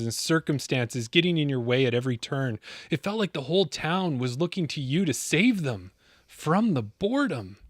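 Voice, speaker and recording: A male podcast host spinning a theatrical, movie-style story, leaning on big pauses. His voice sits a little higher than average for a man, heard dry and close with no room sound. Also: no room sound. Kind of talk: dramatic scripted narration and casual chat.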